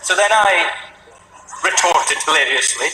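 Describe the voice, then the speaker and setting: Scottish stand-up comic on an echoey stage. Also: male voice, fairly high pitch, measured pace, distant mic, background noise. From Scotland. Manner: deadpan storytelling with put-on voices for characters. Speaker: stand-up comedian. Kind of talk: stand-up routine.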